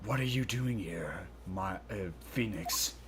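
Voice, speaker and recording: A man voicing a cold, haughty male rival prosecutor with a low, brooding, scornful drawl. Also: slow, noisy background. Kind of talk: comedic let's-play voice acting.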